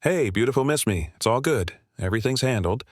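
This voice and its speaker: A man's voice: mid-range voice, lively intonation, fairly quick, no room sound, studio quality, close to an everyday voice. A man reading the lines of a laid-back young male hero who talks in breezy slang.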